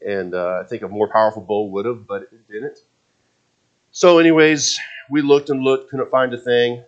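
A man's voice: medium pitch, fairly even intonation, moderate pace. A man in his forties telling a casual personal story, rambling with many restarts and fillers. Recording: dull lo-fi sound.

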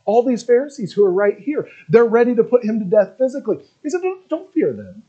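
A man's voice: very high voice, quick pace, mellow, muffled recording. A man preaching an earnest sermon that builds in intensity as he retells scripture.

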